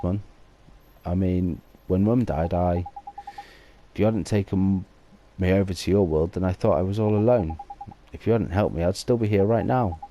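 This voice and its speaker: A man's voice: deep voice, mellow, a little hiss or hum. A man voicing a sincere, determined young boy hero in a video game.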